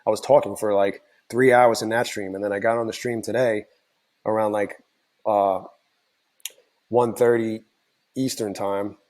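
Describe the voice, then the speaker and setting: Hoarse tired man recapping his trades. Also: fairly low pitch, little pitch movement, a little slow, long pauses, a little mellow. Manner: rambling, self-correcting, many fillers. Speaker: trading channel host. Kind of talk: casual screen-share recap.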